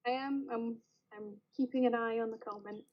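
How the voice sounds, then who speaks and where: A woman's voice: on the high side, fairly even intonation, normal speed, highs cut off, a crowd in the background. A Scottish woman chatting casually as a livestream guest, laughing easily. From Scotland. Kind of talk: casual chat.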